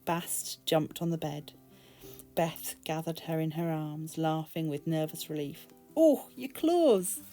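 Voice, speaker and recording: Brief: British woman, expressive book narration, low-pitched and warm. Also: a little slow, soft background music. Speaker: booktube reader. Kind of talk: reading a novel aloud.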